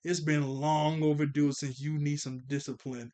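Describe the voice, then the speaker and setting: Bossy old cartoon villainess, furious, drawn-out threats; a man puts her on. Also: fairly high pitch, flat delivery, warm tone, lightly acted. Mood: angry.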